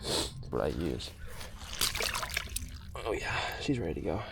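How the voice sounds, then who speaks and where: A man vlogging outdoors by the water while fishing, talking casually and breaking into excited exclamations. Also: rumbling low, unhurried, vocal fry, very noisy. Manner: excitable, keeps exclaiming, breathless bursts. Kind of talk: casual outdoor vlog commentary.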